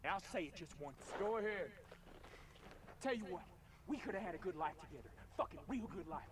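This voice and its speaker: A bitter, heartbroken cowboy. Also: male voice, high-pitched, lively intonation, a little fast, background noise. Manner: pleading, bitter. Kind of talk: film drama.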